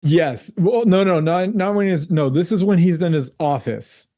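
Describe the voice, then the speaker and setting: A man co-hosting a casual movie podcast, excitable, laughing often and quoting scenes in mimicking voices. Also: fairly high pitch, moderate pace. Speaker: podcast co-host. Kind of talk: casual movie-discussion chat.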